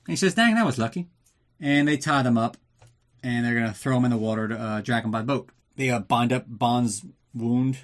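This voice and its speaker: A man's voice: medium pitch, fairly even intonation, a little fast. A man hosting a podcast, recapping a film in a casual, sarcastic way, swearing often and acting out the characters in jokey voices. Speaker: podcast host.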